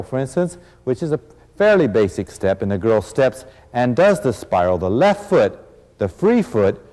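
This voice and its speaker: A man's voice: fairly low pitch, warm tone. A man teaching dance in an instructional video, explaining technique and counting the beats aloud. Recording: reverberant hall with music playing.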